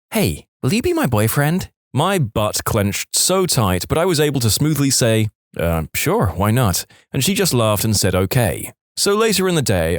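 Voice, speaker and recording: A man reading submitted stories aloud in an animated storytelling manner on a close studio mic. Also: medium pitch, no room sound. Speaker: story narrator.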